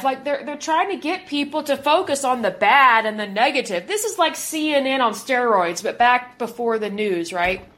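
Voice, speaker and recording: Indignant high-voiced woman in her thirties. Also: a bit bright. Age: 30s. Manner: indignant, emphatic, repeats words for stress. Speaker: podcast host. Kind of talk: opinionated commentary.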